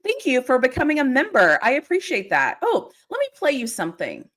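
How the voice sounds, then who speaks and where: A woman's voice: high voice, fairly quick. A young adult woman hosting a casual livestream, chatting with her viewers and laughing often. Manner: giggly, animated, laughs often. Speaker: livestream host. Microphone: desk mic.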